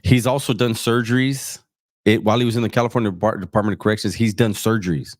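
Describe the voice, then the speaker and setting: A man's voice: lowish voice, steady tone, quick pace, no echo, studio quality. A man, the host, ranting in a profane, joking way during casual chat.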